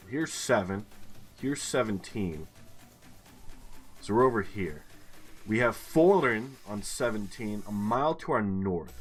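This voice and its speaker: A man's voice: mid-range voice, sing-song, a little slow, long pauses, faint music behind. A man hosting a gaming video, thinking aloud in casual commentary and swearing freely. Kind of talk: casual let's-play commentary.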